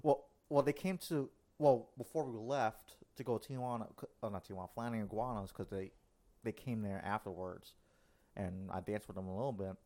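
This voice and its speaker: His voice lowish and his speed normal, a male podcast host shares an embarrassing tale in casual conversation. The telling is animated, and laughter keeps breaking through.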